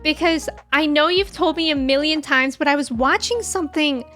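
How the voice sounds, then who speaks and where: American woman, high bright voice, chatty rambling streamer, faint music behind. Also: moderate pace. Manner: chatty, rambling, laughs often. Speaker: game streamer. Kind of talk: casual chat with live viewers.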